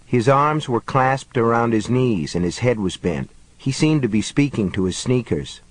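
A man narrating an audiobook in a measured, even reading. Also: mid-range voice, dry recording, poor audio. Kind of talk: scripted narration.

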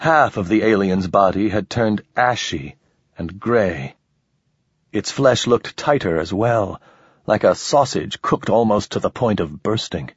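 A man narrating an audiobook in a steady, measured reading style. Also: lowish voice, slightly rough, no echo, highs cut off. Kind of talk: scripted narration.

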